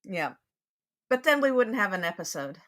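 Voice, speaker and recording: A woman's voice: mid-range voice, big pitch swings, moderate pace, a bit bright. A woman co-hosting a TV recap podcast, chatting casually, laughing often and reading a history segment steadily. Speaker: podcast co-host.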